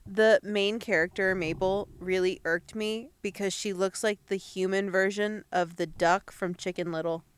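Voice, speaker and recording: Playful young woman with a smooth voice. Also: mid-range voice, steady tone, normal speed, hardly any pauses. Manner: playful, teasing, laughs a lot. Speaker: podcast co-host. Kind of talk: casual chat.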